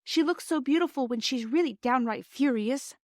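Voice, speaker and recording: A woman voicing a dreamy, imaginative little girl who speaks in a high, fanciful way. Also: normal speed, dry recording, studio quality, lightly acted.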